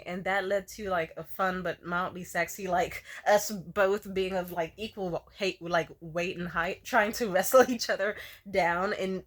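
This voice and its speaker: A young woman vlogging at home in a candid confessional way, swearing a lot and laughing often, swinging from loud outbursts to quiet mumbles, a little tearful. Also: lowish voice, unhurried.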